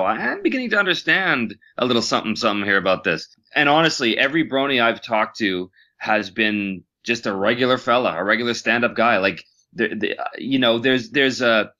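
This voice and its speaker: A middle-aged man, a voice actor, telling stories in a casual interview, self-deprecating and quick to laugh. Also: mid-range voice, pushed and bright. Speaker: voice actor guest.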